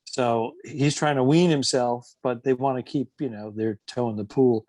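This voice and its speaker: A man's voice: mid-range voice, fairly even intonation, normal speed, darkish tone, no room sound. A man with a mid-range voice co-hosts a comedy podcast from a relative's house. He chats in a jokey way and often stumbles and restarts his sentences. The recording sounds dry and close. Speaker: podcast co-host. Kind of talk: casual comedic chat.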